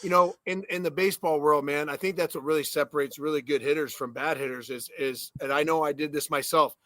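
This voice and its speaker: Bright-voiced former ballplayer, animated. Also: male voice, fairly high pitch, fairly quick, no room sound. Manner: animated storytelling with swearing and laughs. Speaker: podcast co-host, former ballplayer. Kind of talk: casual sports chat.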